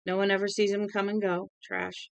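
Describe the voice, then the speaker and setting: A man's voice: sits high, monotone, moderate pace, gravelly, smooth, no echo. A woman voicing a hard-bitten male henchman who talks in a blunt, matter-of-fact way.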